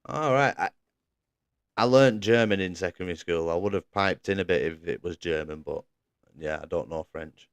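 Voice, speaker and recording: A man's voice: deep voice, moderate pace, clear, resonant tone, no room sound. A man commentating a sim racing league live stream, chatting casually, laughing often and reading out viewers' messages.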